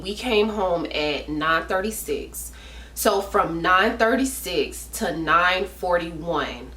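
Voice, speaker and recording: A woman's voice: fairly low pitch, bright, forceful tone. Emphatic woman vlogger, roomy sound. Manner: emphatic, slangy, repeats for stress. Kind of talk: casual storytime vlog.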